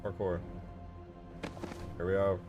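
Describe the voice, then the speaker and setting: A low-voiced man takes it slowly while commenting on his own gameplay, with music underneath and phone-quality sound. He's a game modder and streamer, and his talk is rambling, excitable self-talk.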